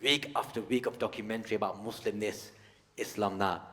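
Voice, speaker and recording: A man from the United Kingdom doing live stand-up comedy on a theatre stage, animated and given to shouted outbursts. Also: on the low side, a little fast. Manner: animated, shifts to shouted outbursts for acted rants. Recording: live hall with long reverb.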